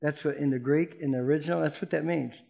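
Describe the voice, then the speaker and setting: A man preaching a sermon in a lively, playful way, asking the congregation questions and acting out the voices in the story. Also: on the high side, fast, gravelly, lo-fi sound. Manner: animated, playful preaching that asks the congregation questions and acts out quotes. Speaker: pastor.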